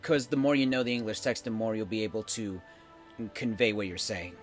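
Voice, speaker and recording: A man's voice: fairly low pitch, a little fast, soft background music. A man joining a casual chat on a call, mostly chiming in briefly.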